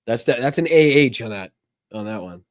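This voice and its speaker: Hosting a live politics stream, a man from Massachusetts with a Boston accent rambles casually, laughing and cursing frequently. He speaks in an expressive mid-range voice at a moderate pace, recorded in a clean studio without echo.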